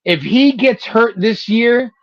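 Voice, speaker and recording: A man's voice: very high voice, expressive, slow pace, crowd noise. A man co-hosting a sports podcast, speaking emphatically and making firm predictions. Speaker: podcast co-host. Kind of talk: casual sports talk. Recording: dry, dull lo-fi audio.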